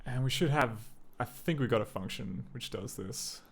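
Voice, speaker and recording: A man with a slightly gravelly, mid-range voice talks through his code on a live stream. He mutters, backtracks and corrects himself, thinking aloud in a relaxed, conversational way. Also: medium pitch, moderate pace, slight background noise. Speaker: livestream programmer. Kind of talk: casual live coding commentary.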